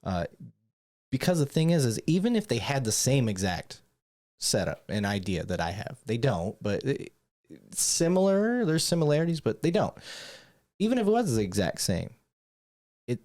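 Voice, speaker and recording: A man's voice: mid-range voice, sing-song, normal speed, a little mellow. A man with a northern US accent hosting a podcast, chatting casually with a rambling, self-correcting manner and frequent laughs. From Michigan. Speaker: podcast host.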